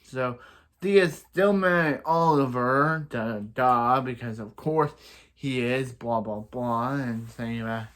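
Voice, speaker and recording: A man's voice: mid-range voice, slow, a bit bright. A young man talks through a TV episode in a loose, rambling recap, circling back over the same points. He breaks into playful sound effects and repeats phrases for emphasis, like a reviewer chatting straight to his viewers.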